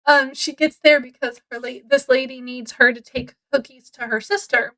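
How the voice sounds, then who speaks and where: A woman's voice: high-pitched, steady tone, normal speed, pushed and bright, rough recording. A woman reviewing a book in a casual, chatty way, laughing often as she retells it. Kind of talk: casual chat.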